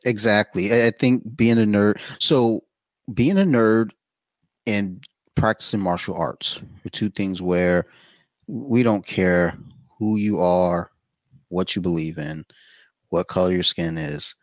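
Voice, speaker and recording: A man chatting casually as a podcast guest, telling blunt, profane stories with animated quoted asides. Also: on the low side, slow pace, dry recording. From Saudi Arabia.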